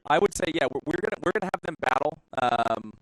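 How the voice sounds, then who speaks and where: A man's voice: a little high, expressive, quick pace, a bit bright, dry recording, low-quality recording. A man casting a live game tournament, chatty and filling dead air while troubleshooting. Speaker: shoutcaster. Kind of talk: esports commentary.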